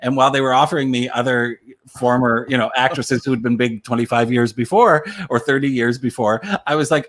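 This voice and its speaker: Canadian man, middle pitch, chatty storyteller on a video call. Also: fairly quick. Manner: animated storyteller, laughs often. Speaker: guest actor. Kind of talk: casual chat.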